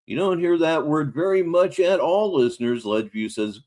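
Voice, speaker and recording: A man's voice: fairly high pitch, animated, normal speed, a little mellow. An older man hosting a casual livestream, talking in a wry, mocking way. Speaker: livestream host.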